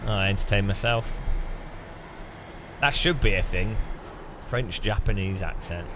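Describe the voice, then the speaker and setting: A man's voice: fairly low pitch, a little slow, background noise. A man chatting casually on stream while sim racing, rambling and joking at his own expense. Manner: rambling, jokey, self-mocking.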